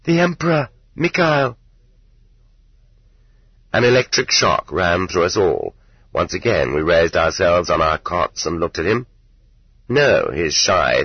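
A man narrating an audiobook in measured, even storytelling. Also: low-pitched, husky, no room sound, dull audio. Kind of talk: scripted narration.

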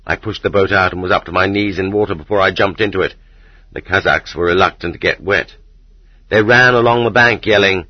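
A man reading a first-person story aloud as an audiobook, in a steady, measured manner. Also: low voice, no room sound. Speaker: audiobook narrator. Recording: slightly dull lo-fi recording.

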